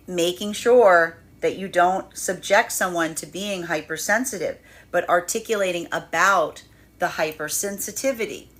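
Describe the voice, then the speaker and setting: A woman's voice: lowish voice, a bit bright. A woman giving a tarot reading in a rambling way, repeating words and laughing often. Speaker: tarot reader. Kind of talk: live tarot reading monologue.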